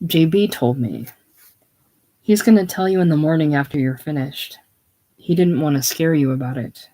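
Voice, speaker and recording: A reader voicing a gentle, devoted young woman in a casual play reading, with soft, tender delivery. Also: medium pitch, normal speed, natural voice.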